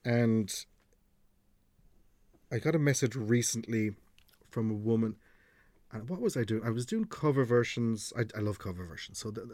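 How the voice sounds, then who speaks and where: Irish male radio presenter, middle-aged, low-pitched, frank and chatty, close dry sound. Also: darkish tone, no room sound. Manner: chatty, frank, swears freely. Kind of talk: podcast conversation, storytelling.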